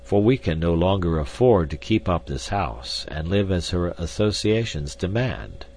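Fussy absent-minded old professor, read by a man, lively up-and-down voice, low underneath. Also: moderate pace, slight background noise. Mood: sad. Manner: fussy, exclaims "tut, tut". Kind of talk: audiobook character reading.

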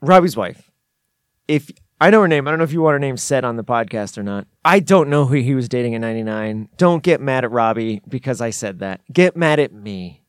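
A man's voice: medium pitch, lively intonation, brisk, clear, resonant tone, no room sound, clean studio sound. A man co-hosting a podcast, telling rambling stories in a playful, joking way. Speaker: podcast co-host. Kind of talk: casual chat.

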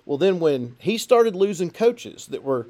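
A man's voice: sits high, sing-song, a little slow, warm tone. A man co-hosting a casual sports podcast, rambling through stories and laughing often. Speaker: podcast co-host.

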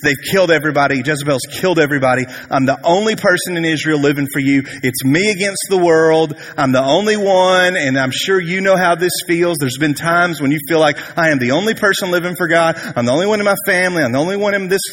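A man's voice: on the high side, moderate pace, hardly any pauses, a bit bright, a little hiss or hum, pitched above the performer's own voice, lightly acted. A man doing a lonely, pleading prophet. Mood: pleading, exasperated. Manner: pleading, rising emphatic delivery. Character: frustrated, lonely male prophet crying out. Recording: long hall reverb.

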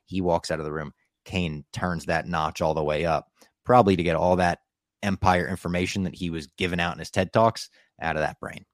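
A man with a very low voice walks through an episode scene by scene, keen and chatty. The sound is dry and close, with no room behind it. He slips into quick quoted lines as he retells it. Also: steady tone, no echo. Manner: enthusiastic, narrates scenes with acted quotes. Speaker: podcast co-host. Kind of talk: casual episode recap.

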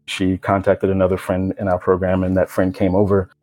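A young man from the United States recounting a personal experience in a low-key, reflective way, with many casual fillers. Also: monotone, fairly quick, darkish tone, no echo, poor audio. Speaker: storyteller. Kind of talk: personal testimony.

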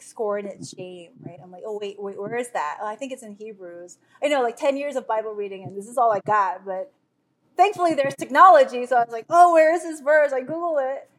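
A woman's voice: fairly high pitch, a bit bright. A woman earnestly sharing a personal faith testimony with viewers, talking loosely with many fillers and restarts. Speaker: speaker sharing a devotional.

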